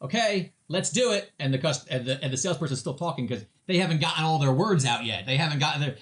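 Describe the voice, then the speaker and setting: A man's voice: on the high side, fast talker, few pauses. A man talking as a sales trainer in a casual interview, telling stories and acting out other people's voices with lots of restarts. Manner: animated storyteller, acts out voices of customers; many fillers and restarts.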